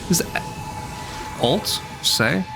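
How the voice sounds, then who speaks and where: A man's voice: drawn-out words, over music. A man streaming a game as a VTuber, giving chatty, blunt, self-deprecating commentary. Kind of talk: casual gameplay commentary.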